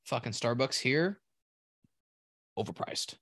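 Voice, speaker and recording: A man in casual chat who rambles through a story, swearing freely and tripping over his own restarts. His voice sits at a middle pitch. The recording is dry and close. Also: lively intonation, slow pace, a bit bright, dry recording. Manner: rambling, profane, restarts often.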